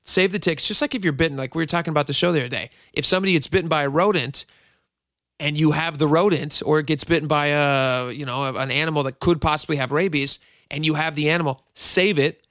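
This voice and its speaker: A man's voice: fairly high pitch, fairly bright tone, no room sound, studio quality. A middle-aged man hosting a radio show, telling a long rambling story with many asides. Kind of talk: casual talk radio monologue.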